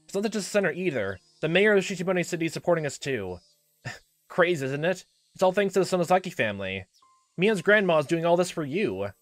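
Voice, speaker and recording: A man voicing an eager, brave teenage boy who speaks urgently and loudly, pitched well above his own voice. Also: a little fast, no echo, soft background music. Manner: urgent, excited, loud.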